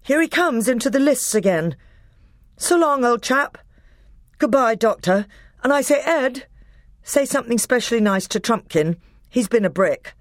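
A woman's voice: fairly high pitch, animated, moderate pace, pauses often, no room sound, clean studio sound, voice pushed up, close to an everyday voice. A woman voicing a brave young male king who talks in clipped, plucky, old-fashioned schoolboy phrases. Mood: resolute.

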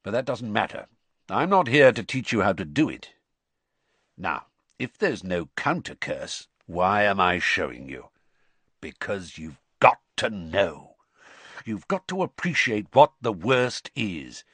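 A man doing a gruff grizzled old wizard. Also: fairly low pitch, sing-song, a little slow, fairly bright tone, dry recording, exaggerated voice. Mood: stern.

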